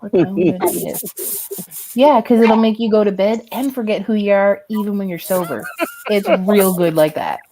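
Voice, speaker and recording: A woman in a casual group video chat, making dry, low-key remarks. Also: moderate pace, warm tone, a little hiss or hum, low-quality recording.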